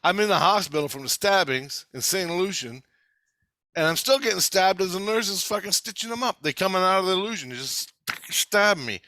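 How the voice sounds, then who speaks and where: A half-awake man rambling through a profane, casual story, quoting others in quick asides. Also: high voice, animated, sharp tone, dry recording, studio quality. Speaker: video maker. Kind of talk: casual chat.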